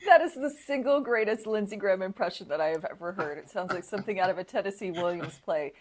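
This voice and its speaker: A woman co-hosting a podcast, chatting in a sarcastic, animated way and laughing often. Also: mid-range voice, quick pace. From United States. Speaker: podcast co-host. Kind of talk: casual political comedy chat.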